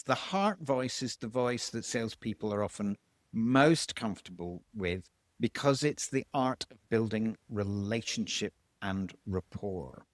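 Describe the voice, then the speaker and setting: A man, a voice coach explaining vocal tones in an interview, demonstrating by swinging his pitch high and low. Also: no room sound, clean studio sound.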